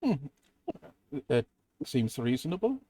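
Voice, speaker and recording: A man's voice: mid-range voice, sing-song, slow, dark tone, no room sound. A man playing a tabletop game, playfully mixing his character's moves with in-character lines. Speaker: player.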